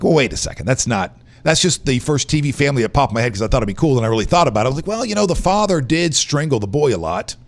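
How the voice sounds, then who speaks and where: A man's voice: mid-range voice, a little mellow. A middle-aged man hosting a casual live stream, rambling and chatting with viewers in a tired, weak voice after a late night. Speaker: live show host. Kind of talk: casual livestream chat.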